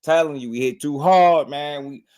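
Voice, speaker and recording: A man's voice: fairly high pitch, normal speed, a little mellow, pitched above the performer's own voice, close to an everyday voice. A man mocking a boastful old trainer. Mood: mock bravado. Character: boastful older man trainer making friendly threats.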